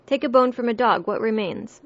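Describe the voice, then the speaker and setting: A woman's voice: a little high, fairly quick, natural voice. Woman reading fretful muddled storybook queen, anxious and fussy, dull lo-fi sound.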